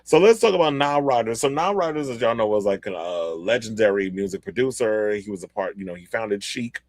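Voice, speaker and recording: A man's voice: on the low side, expressive, fairly quick, dry recording. A man hosting a podcast, chatting casually and reading article excerpts aloud with asides along the way. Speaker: podcast host. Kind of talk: casual pop-culture commentary.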